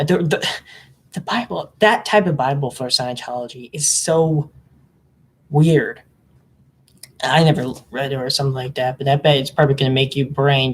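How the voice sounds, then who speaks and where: A vlogger talking in a casual, rambling monologue, hopping between topics, the voice jumping up in pitch when excited. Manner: mimics other people in silly voices.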